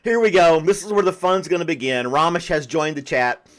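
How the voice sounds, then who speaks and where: A man's voice: on the high side, animated, brisk, a bit bright. A man hosting a podcast in casual chat, often breaking into laughter. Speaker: podcast host.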